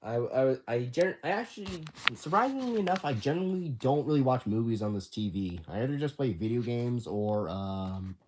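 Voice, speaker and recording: A teenage boy chatting casually on a livestream from his bedroom, halting and rambling with many restarts. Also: medium pitch, big pitch swings, background noise. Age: teens. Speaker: livestream host.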